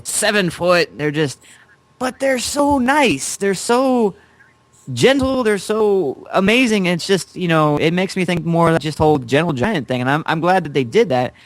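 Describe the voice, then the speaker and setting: A man's voice: on the high side, lively intonation, normal speed, no room sound. A man co-hosting a casual chat, talking earnestly and rambling with restarts. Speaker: co-host.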